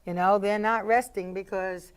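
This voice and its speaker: A woman's voice: mid-range voice, fairly even intonation, normal speed, clear, resonant tone. A woman hosting a public-access TV talk show, chatting casually and telling rambling anecdotes to her guests. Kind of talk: casual studio chat.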